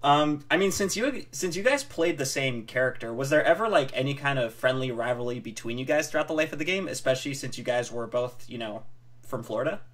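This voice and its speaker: A man's voice: mid-range voice, fairly quick. Laid-back male podcast host. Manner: relaxed, short backchannels, laid-back questions. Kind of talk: casual interview chat.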